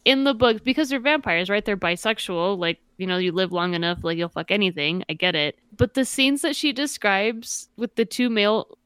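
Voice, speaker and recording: Smooth-voiced woman chatting animatedly. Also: medium pitch, moderate pace, hardly any pauses, dry recording. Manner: animated, profane, mocks characters in exaggerated voices. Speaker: podcast co-host. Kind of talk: casual chat.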